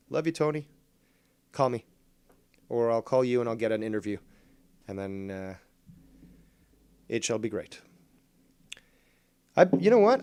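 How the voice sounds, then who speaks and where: A man hosting a casual call-in livestream, rambling and sarcastic, cursing at his software. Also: medium pitch. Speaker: livestream host.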